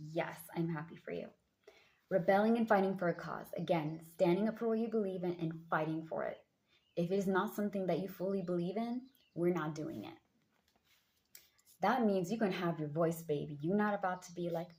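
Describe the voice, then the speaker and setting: A young woman reading tarot cards in a casual chat, hyping up her viewers with pet names, her voice a bit deep from just waking up. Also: darkish tone. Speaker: tarot card reader.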